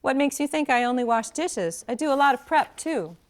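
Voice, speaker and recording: A woman reading the part of a deadpan young kitchen worker in a novel excerpt, keeping his lines dry and understated. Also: high voice, brisk, pitched above the performer's own voice.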